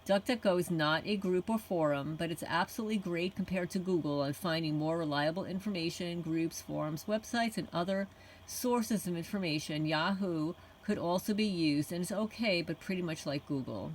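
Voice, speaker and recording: A woman channel host reading a written testimony aloud in a soft-spoken way, chuckling often. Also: fairly low pitch, moderate pace, a little hiss or hum, low-quality recording.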